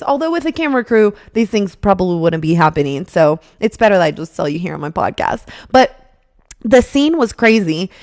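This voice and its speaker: A young woman in her twenties, a podcast host telling a personal story in a casual, animated way, laughing often and acting out what people said. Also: medium pitch, no room sound, studio quality.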